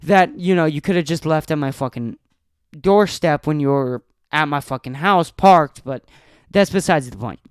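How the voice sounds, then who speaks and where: A man's voice: a little high, normal speed, clean tone, no echo, clean studio sound. A young man hosting a solo podcast, telling an angry, profanity-filled story about a friend. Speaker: podcast host.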